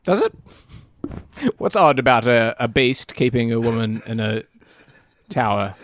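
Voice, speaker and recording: A man co-hosting a casual comedy podcast, making dry deadpan quips. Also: mid-range voice, measured pace, slight background noise. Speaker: podcast co-host.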